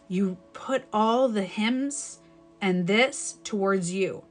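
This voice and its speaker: A woman's voice: medium pitch, slow pace, soft background music. A woman coaching viewers on a live stream, talking casually and repeating her points to encourage them. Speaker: breakup and self-love coach.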